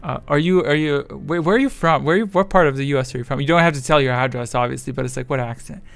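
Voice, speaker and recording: A man's voice: medium pitch, fast talker, gravelly, fairly bright tone, dry recording. A man streaming live, rambling in casual chat, swearing freely and reading viewers' messages aloud.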